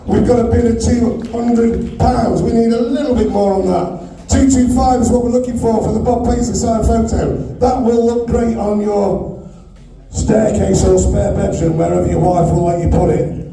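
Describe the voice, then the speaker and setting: A British man works a live auction in a big hall, calling bids and ribbing the crowd. His voice sits high and very dark, almost muffled. He is caught from far off, with heavy booming echo all around him. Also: gravelly. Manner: loud, joking banter with the crowd, pushing for bids. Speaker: charity auctioneer at a fan evening. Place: large echoey function hall with an audience.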